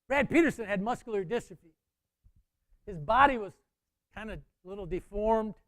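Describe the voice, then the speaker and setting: A former wrestling coach telling a story to an audience, acting out the dialogue in an animated way. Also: male voice, sits high, moderate pace. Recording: hall reverb.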